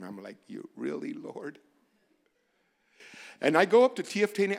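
A man preaching a sermon as a pastor, moving from quiet asides to loud, urgent exhortations. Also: medium pitch, creaky. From barrio in the United States.

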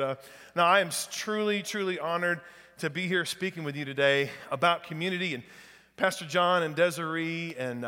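Enthusiastic pastor, folksy. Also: male voice, fairly high pitch, pushed and bright, big-room sound. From northeast Louisiana. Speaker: guest pastor. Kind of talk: sermon with humor. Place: church sanctuary.

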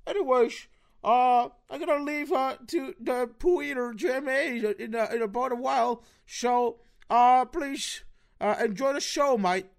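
A man's voice: very high-pitched, a little slow, creaky, voice pushed up, full character voice. A man voicing a brash, boastful Cockney bloke in a mock Cockney accent, swaggering and tacking "mate" onto every line. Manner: swaggering, repeats "mate", insulting.

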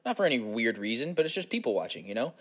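A young man riffing his way through a podcast monologue, casual and crude. His voice sits at an ordinary middle pitch, and he keeps breaking into silly voices. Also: sing-song, rapid-fire, fairly bright tone, husky. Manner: casual, profane, slips into silly put-on voices. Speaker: podcast host. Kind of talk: rambling comic monologue.

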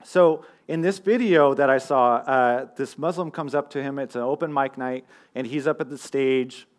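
A man's voice: mid-range voice, normal speed. A young man giving a sermon in a conversational, storytelling way, with fillers and self-deprecating asides. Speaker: college group teacher and preacher. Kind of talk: casual sermon.

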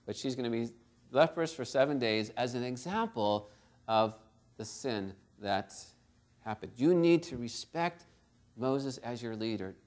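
A man's voice: mid-range voice, animated, unhurried, darkish tone, pitched below the performer's own voice, natural voice. A man preaching, voicing God as He reprimands His people, in a firm, scolding manner. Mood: stern. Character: stern commanding male God figure.

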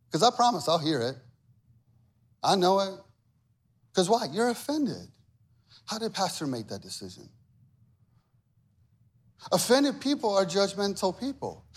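A man's voice: high voice, breathy edge. A man preaching a sermon as pastor, talking to the congregation conversationally and building to emphatic, repeated lines.

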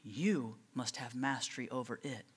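A preacher puts on God as a slow, solemn speaker who questions gently and then warns. The delivery is unhurried and low-key. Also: breathy edge. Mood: grave. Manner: slow, grave. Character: God, calm questioning male voice.

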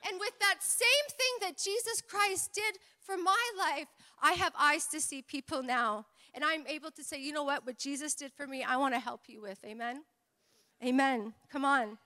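A woman's voice: high-pitched, moderate pace, bright, forceful tone. A woman preaching a sermon, telling personal stories and drawing amens from the congregation. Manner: personal storytelling with call-and-response amens. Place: church hall. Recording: long hall reverb.

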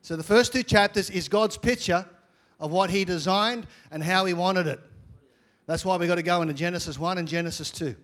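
A man preaching a sermon as pastor, energetic, with repeated phrases and swings between loud and quiet. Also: high-pitched, a little fast.

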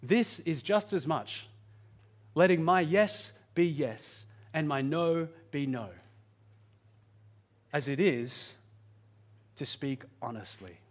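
A man preaching a sermon, earnest, slowing down and speeding up for emphasis. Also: expressive. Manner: earnest, varies pitch and pace for emphasis. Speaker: pastor.

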